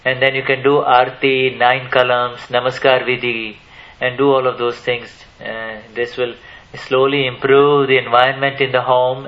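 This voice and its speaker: A man's voice: medium pitch, highs cut off. A man teaching at a spiritual question-and-answer session, hesitant, with many restarts and questions put to the audience. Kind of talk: spiritual Q&A talk to a live audience.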